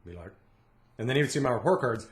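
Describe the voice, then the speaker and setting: A middle-aged man in easy podcast chat, spinning anecdotes and doing little voices for the people in them. His pitch sits in the middle range. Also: fast. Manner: animated storyteller, acts out quotes. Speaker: podcast co-host. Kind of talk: casual chat.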